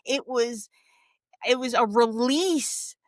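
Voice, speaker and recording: A woman in her forties co-hosting a casual podcast, telling personal stories in an expressive, animated way as a coach. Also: a little high, slow, no room sound, studio quality. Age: 40s.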